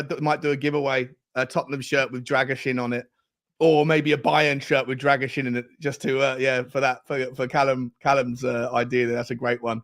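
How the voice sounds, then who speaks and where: An excitable man hosting a football fan live stream. He laughs often, bursts into cheers and reads out viewers' comments in casual chat. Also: on the high side. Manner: excitable, laughs a lot, shouts out chat names.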